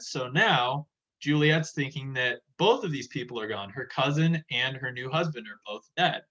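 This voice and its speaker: A man's voice: mid-range voice, expressive, moderate pace, bright, forceful tone, dull audio. A male teacher casually explaining a play scene by scene, retelling it in everyday words.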